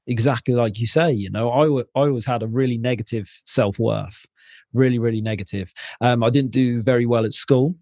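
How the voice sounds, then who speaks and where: Man, mid-pitched, blunt and candid, casual swearing, close dry mic. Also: a little mellow, no echo. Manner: frank, swears casually, storytelling. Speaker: podcast guest. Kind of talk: candid conversational interview.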